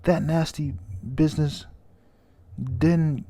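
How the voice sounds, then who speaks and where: A man voicing a gruff young male giant prince from a comic, reading his lines a little higher and louder than his own voice. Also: fairly even intonation, slow. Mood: edgy.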